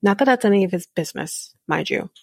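A woman hosts a podcast and recaps a reality show in a chatty, opinionated way, dropping ums and side comments as she goes. Her voice has a gravelly edge. The sound is dry and close, with no room echo. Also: medium pitch, lively intonation, fast, darkish tone.

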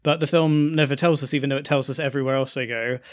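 A man's voice: mid-range voice, fairly even intonation, fast talker. A man co-hosting a podcast, talking casually about a film, hesitant and full of fillers. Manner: hesitant, many fillers, laughing. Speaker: podcast co-host.

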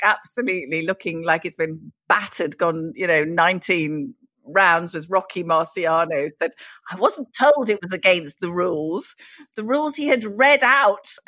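A British woman co-hosting a political podcast, speaking in a lively, arch and teasing way. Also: mid-range voice, no room sound. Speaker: podcast co-host.

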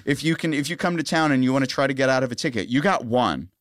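A man hosting a podcast, a musician telling an anecdote in a casual, animated way. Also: medium pitch, fast, dry recording, clean studio sound. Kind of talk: casual storytelling chat.

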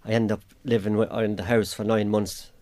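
Irish guy telling his story on a radio interview, lowish voice, quotes people as he goes. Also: level tone, brisk, darkish tone. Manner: plain storytelling, acting out what others said. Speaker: interview guest. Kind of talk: personal account in a radio interview.

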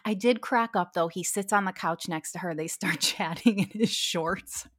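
A woman's voice: on the low side, moderate pace, no room sound. A woman hosting a casual TV recap podcast, candid and sweary, laughing often. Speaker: podcast host.

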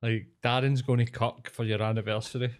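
A young Scottish man co-hosts a podcast in a laid-back, casual chat, swearing freely. His mid-range voice is level in tone and brisk.

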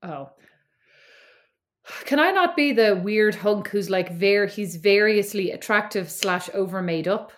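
A woman's voice: medium pitch, expressive. Chatty woman co-hosting a podcast. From Ireland. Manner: chatty, wry, quick to laugh, swears freely. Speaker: podcast co-host. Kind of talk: casual chat. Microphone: remote recording call.

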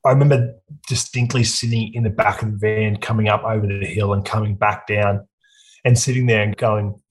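A man's voice: on the low side, steady tone, normal speed, rough recording. Sweary Australian man telling his story. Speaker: podcast guest. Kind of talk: casual conversation.

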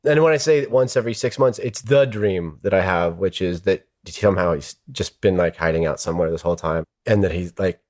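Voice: low-pitched, a little fast, few pauses, darkish tone. An interviewee recalling painful dreams in an open, reflective way, laughing through the hard parts. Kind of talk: emotional personal recollection.

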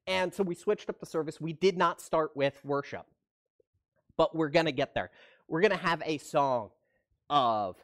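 A man preaching to an online congregation in a relaxed, conversational way, his voice sitting a little higher than most men's. He keeps asking his viewers questions and urging them to answer. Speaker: pastor. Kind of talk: livestreamed sermon.

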